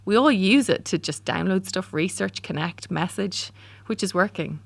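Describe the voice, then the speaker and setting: A woman's voice: mid-range voice, moderate pace, gravelly, no room sound. A woman in her forties with an Irish accent, a startup founder answering interview questions candidly, with frequent ums and restarts. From Ireland.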